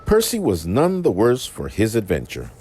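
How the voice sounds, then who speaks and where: A man narrating a children's storybook tale in an unhurried, expressive way. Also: on the low side. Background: background music.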